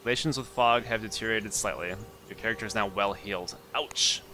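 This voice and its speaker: A man's voice: on the low side, a little fast. A man hosting a let's play who reads the game's story text aloud and breaks off into chatty, puzzled asides. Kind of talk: casual gameplay commentary, reading game text aloud. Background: loud game music.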